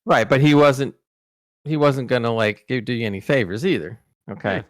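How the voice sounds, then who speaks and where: A man's voice: medium pitch, normal speed, no echo, studio quality. A man hosting a podcast, telling behind-the-scenes stories in a rambling, casual way with many restarts. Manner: rambling, many restarts and fillers, animated in anecdotes. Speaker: podcast host recalling interviews. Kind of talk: casual storytelling chat.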